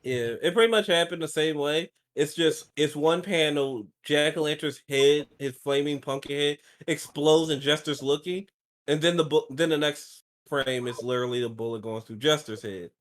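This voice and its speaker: Male co-host, somewhat high-pitched, sarcastic and casual. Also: normal speed. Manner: sarcastic, wry asides. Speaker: podcast co-host. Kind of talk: casual chat.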